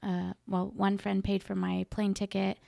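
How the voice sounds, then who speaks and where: A woman's voice: mid-range voice, monotone, normal speed, creaky, warm tone, no room sound. A woman hosting a podcast, talking openly and personally and often murmuring agreement. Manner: open and personal, frequent supportive backchannels. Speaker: podcast host. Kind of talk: casual interview chat.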